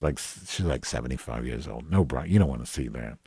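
Heavily acted, the voice is extremely low, gravelly and dark with a breathy edge, brisk and lively in intonation, recorded in a clean studio with no echo. A podcast host plays Madge, a foul-mouthed, cranky office worker, in an improvised comic monologue, rambling, swearing, mocking himself and restarting repeatedly.

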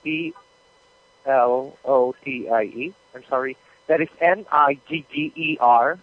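A man's voice: mid-range voice, slow pace, husky. A man working as a customer service supervisor, speaking politely and patiently with hesitant fillers. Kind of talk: customer service phone call. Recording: tinny dry phone line.

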